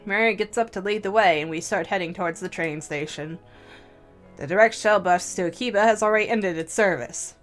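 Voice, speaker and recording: A woman hosting a let's play, reading a visual novel aloud in measured, slow first-person narration. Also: mid-range voice, soft background music.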